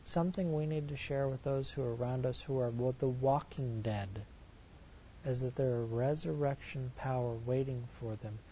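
Guy preaching a sermon, earnest and emphatic, reads verses then explains em, real dark mellow tone. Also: medium pitch, fairly even intonation, moderate pace, slight background noise, low-quality recording. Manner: reads verses aloud then comments, with rhetorical questions. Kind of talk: sermon, reading and commenting on scripture.

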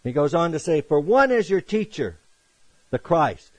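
A man with a fairly high voice preaching an animated sermon. He acts out quotations and drops from loud, emphatic lines to soft asides. The sound is dry and close. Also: normal speed, no room sound, lo-fi sound. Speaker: pastor.

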